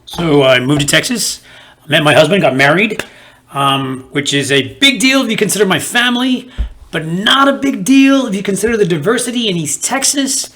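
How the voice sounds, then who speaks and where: Recording a home-made stand-up video without any audience, a comedian tells stories and acts out the characters in them with lively energy. His voice sits high and moves at a normal speed.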